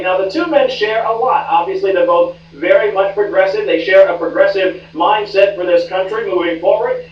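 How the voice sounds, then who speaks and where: A man reporting live for TV news in a breezy, jokey, confiding way. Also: high-pitched. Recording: roomy, dull, distant TV audio with hum.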